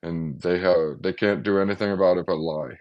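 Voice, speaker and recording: A man's voice: low-pitched, a little fast, muffled recording. A man talking casually and agitatedly to his viewers in a one-man vlog, often acting out the voices of others. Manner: agitated, acts out quoted voices, excitable. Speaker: vlogger. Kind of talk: casual monologue to camera.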